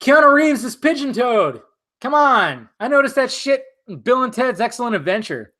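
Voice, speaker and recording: A man's voice: very high voice, very animated, moderate pace, sharp tone. A young man in a casual live stream who answers chat in a loose, profane way and laughs often, at home in front of a green screen.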